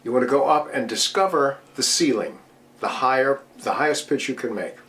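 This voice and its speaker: A middle-aged male voice coach gives an instructional talk to DJs at a virtual convention, speaking at normal speed in an animated, mid-range, slightly bright voice. He explains patiently and demonstrates techniques with his own voice.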